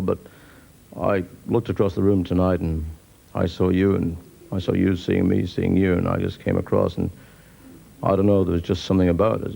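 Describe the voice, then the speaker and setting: A man voicing a smarmy adult male wine-bar Romeo with a gravelly, drawling chat-up voice and an oily, pseudo-American manner. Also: deep voice, dark tone, voice pushed down, heavily acted. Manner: oily, slow, pseudo-American smooth talker. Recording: hissy old TV recording.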